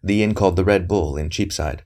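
A man with a deep, darkish voice reads at a fairly quick clip, giving voice to a novel's earnest young priest. The character speaks carefully and acts as a guarded courier in this audiobook passage.

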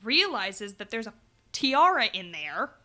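Brief: American woman co-host, bright-toned, playful and giggly chat. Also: on the high side, unhurried. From United States. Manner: playful, giggly, animated retelling. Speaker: podcast co-host. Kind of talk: casual chat.

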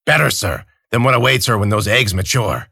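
A man's voice: fairly low pitch, expressive, brisk, vocal fry, bright, forceful tone, husky, no room sound, studio quality, full character voice. A man voicing a fawning old crone. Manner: wheedling, then bitter and spitting. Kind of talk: audiobook character voice.

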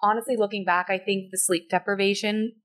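A woman's voice: mid-range voice, fairly even intonation, a little fast, a bit bright. A woman hosting an interview podcast, talking casually with lots of "like" and a voice that jumps up when she quotes herself. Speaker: podcast host. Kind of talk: conversational interview.

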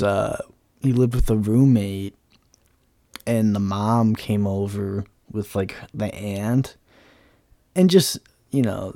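A man's voice: fairly low pitch, vocal fry, mellow, dry recording, clean studio sound. Blunt, sarcastic young man ranting. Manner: blunt, sarcastic, profane, rambling with many fillers. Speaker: podcast host. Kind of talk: casual ranting monologue.

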